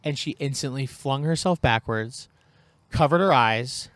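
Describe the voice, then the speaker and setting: A man co-hosting a podcast, telling a story in a relaxed, chatty way and acting out the lines he quotes. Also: medium pitch, unhurried, dry recording. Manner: animated, acts out quoted lines. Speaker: podcast co-host. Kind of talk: casual storytelling chat.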